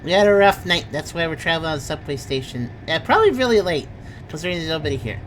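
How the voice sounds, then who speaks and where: A woman's voice: low voice, big pitch swings, quick pace, a little hiss or hum. A woman streaming a game, chatting casually and thinking aloud as she plays, laughing often. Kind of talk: casual gameplay commentary.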